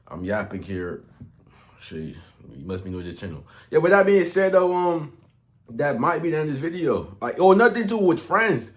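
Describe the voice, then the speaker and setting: A young man giving a casual, rambling motivational rant to camera, slangy and profane, with his loudness swinging up and down. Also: mid-range voice, very animated, moderate pace. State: out of breath. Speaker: online coach.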